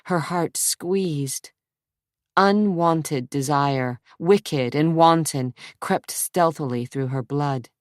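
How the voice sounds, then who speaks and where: A woman narrating a suspense audiobook in a measured, steady storytelling manner. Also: low voice, no room sound, studio quality. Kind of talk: scripted narration.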